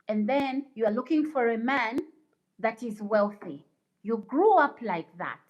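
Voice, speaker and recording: Livestream host, woman, slightly high voice, slow and preachy, indignant when she lectures. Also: expressive, dull audio. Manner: indignant, preachy, reads viewer comments aloud. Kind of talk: casual livestream chat with viewers.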